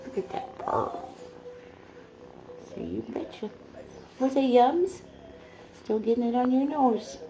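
A middle-aged woman filming at home on her phone, cooing soft giggly baby talk to her foster pets. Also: a little high, huge pitch swings, slow, long pauses, noisy background. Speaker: pet foster carer. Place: at home indoors. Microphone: phone camera.

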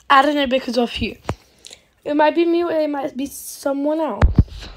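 A woman's voice: high voice, normal speed, slight background noise. A woman casually commenting on her gameplay, chatty and dramatic, talking straight to her viewers. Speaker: gaming channel host.

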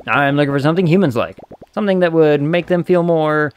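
A man voicing a big, gentle male bear with dry, mock-refined airs, read aloud from a video game. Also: fairly high pitch, a little fast, clear, resonant tone, close to an everyday voice.

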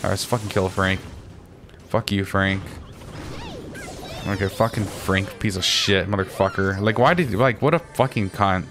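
A man's voice: normal speed, pauses often, over music. A young man giving casual gameplay commentary, swearing and ranting at opponents, his voice climbing when he gets agitated. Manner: restarts and fillers, rises in pitch when agitated. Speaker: gaming commentator.

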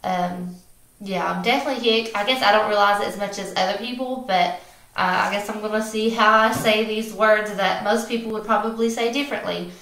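A woman's voice: medium pitch, fairly quick, a bit bright. A young woman from West Virginia with a West Virginia accent, chatting casually in a vlog with many fillers and small laughs. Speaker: beauty vlogger. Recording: echoey room.

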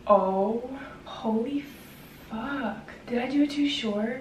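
A woman's voice: on the high side, slow pace, a little mellow. A young woman vlogging to camera while she cuts her own hair, talking to herself in a nervous, swearing, chatty way. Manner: anxious, swearing, self-talk while cutting hair. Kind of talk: casual vlog, talking to camera. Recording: roomy, distant camera with background noise.

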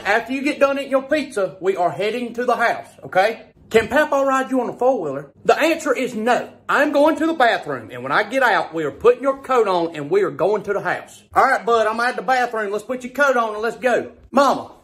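Exasperated high-voiced man. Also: very animated, fairly quick, a bit bright. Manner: exasperated dad, talks to unheard parents and child. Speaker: comedian. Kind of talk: one-sided comedy sketch.

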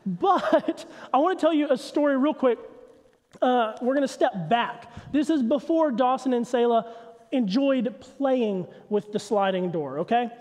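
Male pastor, 30s, high voice, lively story-driven sermon in a reverberant sanctuary. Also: a little slow, lo-fi sound. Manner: animated storytelling, acts out his son's confused voice. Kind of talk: sermon with personal stories. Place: church sanctuary.

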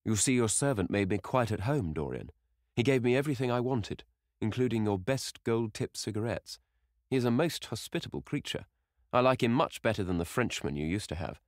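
A man voicing an earnest painter who speaks in a grave, deep voice to a friend he worries about. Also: lively intonation, a little fast, no echo, studio quality, lightly acted. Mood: friendly.

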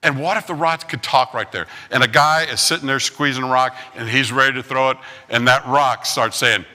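A man's voice: mid-range voice, fairly even intonation, fairly quick, bright, forceful tone. A man preaching a humorous sermon as pastor, a joking storyteller full of puns, in a church sanctuary. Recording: long reverb of a church hall.

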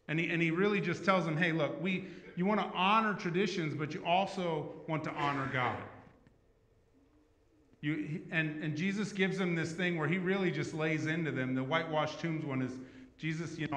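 A man preaching a sermon as pastor, talking in a conversational way that swings from emphatic to hushed. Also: on the high side. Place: church sanctuary. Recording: echoey church hall.

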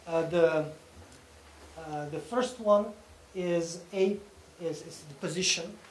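In an echoey conference hall with faint room noise, a man gives a technical talk in a slightly high voice. He moves slowly, explaining things step by step and frequently checking in with the audience.

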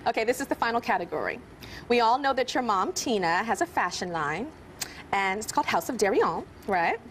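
A woman's voice: a little high, lively intonation, a little fast. A woman hosting a talk show, playfully teasing her guest and laughing often in front of a studio audience. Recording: studio audience and background noise.

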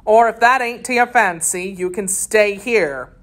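Storybook pirate chief, coaxing then threatening, read by a woman; slow and pushy. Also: mid-range voice, lightly acted. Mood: bargaining. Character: gruff scheming one-legged pirate captain, man.

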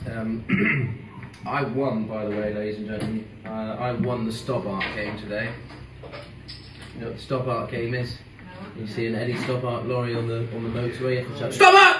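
A man's voice: mid-range voice, level tone, normal speed, noisy background. A singer-songwriter chatting and joking easily with his audience between songs at a live club gig. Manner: easygoing, joking banter with the audience. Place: live music club, on stage before an audience. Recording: roomy live club sound, distant mic, loud guitar.

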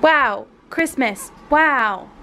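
A young woman vlogging casually at home, bubbly, often switching to high baby talk with her dogs. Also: animated, extremely slow, pushed and bright. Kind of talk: casual vlog chat. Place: home, indoors and out in the snow.

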